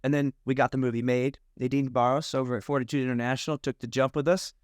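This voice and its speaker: A man's voice: medium pitch, level tone, quick pace, no room sound, studio quality. A man, a film director, telling anecdotes in a casual interview and acting out the dialogue.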